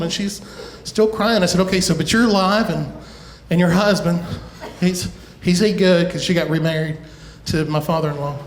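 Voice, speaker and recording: A middle-aged man doing a stand-up comedy set, telling a family story with quick asides and chuckles. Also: sits high, steady tone, a little hiss or hum. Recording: echoey live room.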